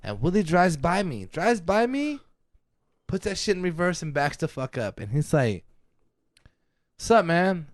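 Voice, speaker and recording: A man's voice: a little high, very animated, a little slow, pauses often, no echo, studio quality. A man co-hosting a podcast, telling a long casual story full of swearing, laughs and acted-out quotes. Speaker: podcast co-host.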